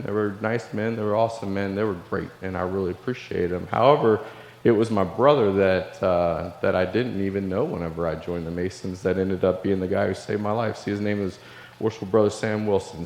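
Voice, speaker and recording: A man's voice: sits low, a little fast, darkish tone. A middle-aged man from Illinois, a Navy veteran giving a keynote speech and telling a personal story in an earnest, confessional way. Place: large hall. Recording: echoey hall with long reverb.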